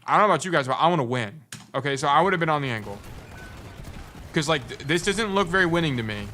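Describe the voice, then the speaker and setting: A man's voice: on the high side, expressive, quick pace, bright, forceful tone, a little hiss or hum. A young adult man giving casual gameplay review commentary as a coach, blunt and teasing, repeating his points for emphasis. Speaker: game coach.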